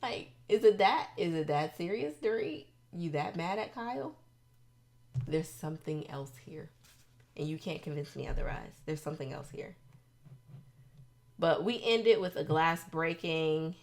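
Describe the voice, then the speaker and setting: A woman hosting a casual reality TV recap, expressive and sassy, throwing in quick asides. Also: low-pitched, gravelly.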